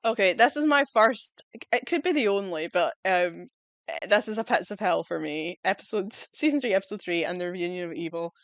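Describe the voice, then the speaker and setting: A woman's voice: fairly low pitch, lively intonation, a little fast, a bit bright, dry recording. A woman chatting casually as she reviews TV episodes, enthusiastic and rambling, often breaking into laughter. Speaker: video reviewer.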